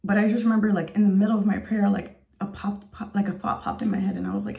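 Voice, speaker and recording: A woman's voice: mid-range voice, little pitch movement, fast, creaky, hardly any pauses, mellow. A woman in her thirties giving an earnest, emotional spoken testimony as a vlogger, rambling with lots of fillers. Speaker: faith vlogger.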